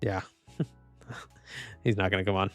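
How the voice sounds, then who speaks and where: A man's voice: deep voice, little pitch movement, moderate pace, soft background music. A young man streaming live, making casual commentary as he reads posts and keeps laughing and saying "dude". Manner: laughing, mocking, says dude a lot.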